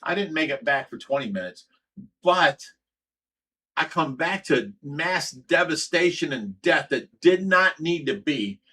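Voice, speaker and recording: A man's voice: a little high, lively intonation, unhurried, sharp tone. A man hosting a livestream, telling a story in a heated, profane way. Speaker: host. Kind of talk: livestream chat.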